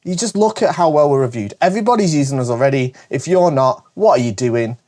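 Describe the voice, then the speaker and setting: A man with a northern English accent, hosting a casual show where he answers viewer questions, talking fast and chattily with frequent self-corrections. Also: medium pitch, expressive, darkish tone. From Britain. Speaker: host.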